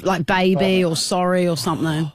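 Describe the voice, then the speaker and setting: A woman's voice: on the low side, steady tone, moderate pace, dry recording. An Australian woman hosting a commercial radio show, bossing her co-host around playfully and laughing often. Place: radio studio.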